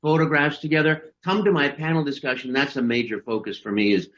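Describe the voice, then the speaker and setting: A man's voice: on the high side, quick pace, a bit bright, a little hiss or hum. A man, a voice actor guest, chatting enthusiastically and expressively in an interview over a video call. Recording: dull lo-fi video call audio.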